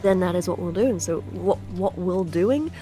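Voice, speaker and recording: A woman's voice: fairly low pitch, expressive, moderate pace, mellow, soft background music. Chatty Yorkshire woman co-hosting. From Yorkshire, England. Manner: chatty, teasing. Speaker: co-host. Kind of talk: casual stream chat, reading chat aloud.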